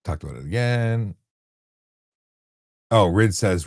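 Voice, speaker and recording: A man's voice: low-pitched, expressive, a little fast, darkish tone, dry recording, studio quality. A man hosting a casual live question-and-answer stream about traffic law, talking bluntly and conversationally with frequent restarts. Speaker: host answering viewer questions.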